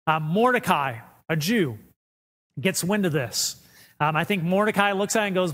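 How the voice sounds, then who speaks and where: A man's voice: high-pitched, lively intonation, moderate pace, a bit bright, big-room sound. A man preaching a sermon as pastor, retelling scripture in casual, paraphrased speech.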